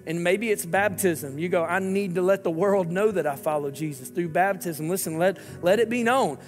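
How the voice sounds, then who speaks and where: A man's voice: high voice, moderate pace, long reverb tail, soft background music. A man, a lead pastor, giving an earnest, pleading sermon and prayer to viewers watching online.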